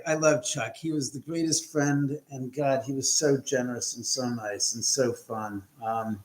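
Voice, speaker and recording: A man's voice: medium pitch, fairly bright tone. Rambling man chatting live from home. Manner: rambling, greets viewers by name, restarts sentences. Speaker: livestream host. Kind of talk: casual live chat. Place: his house, indoors. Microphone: laptop mic.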